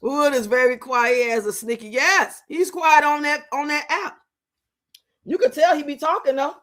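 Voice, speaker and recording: Young woman streamer, high bright voice, loud, profane, teasing chat host. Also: moderate pace. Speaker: livestream host. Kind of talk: casual live-stream chat reacting to a reality show.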